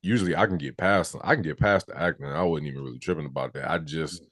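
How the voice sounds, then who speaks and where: A man with a very low voice talks loosely as co-host of a movie review podcast. The sound is close and dry, with no room around it. He stays relaxed and conversational. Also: fast, no room sound. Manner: animated, acts out movie scenes in high mimicking voices. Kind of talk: casual chat.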